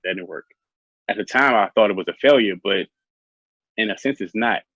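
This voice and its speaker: A man telling his own story as an interview guest, soft-spoken and halting with many fillers. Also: lowish voice, slightly rough, no echo, muffled recording.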